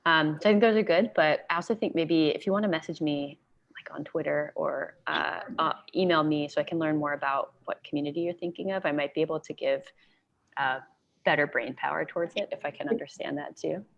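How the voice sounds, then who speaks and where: Low-voiced woman chatting on a video call. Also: brisk, creaky, lo-fi sound. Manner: conversational and enthusiastic, sprinkles in "like". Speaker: guest speaker.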